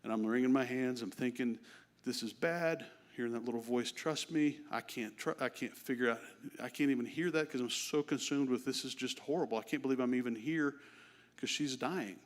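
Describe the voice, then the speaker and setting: A middle-aged man giving a church testimony, telling his story in an animated, self-deprecating way. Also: mid-range voice. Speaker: guest speaker. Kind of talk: sermon testimony.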